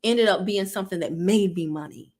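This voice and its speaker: A thirty-something online business coach runs a casual livestream, laughing often as she reads comments aloud and talks openly with viewers. She speaks a little fast in a mid-range voice with a darkish tone.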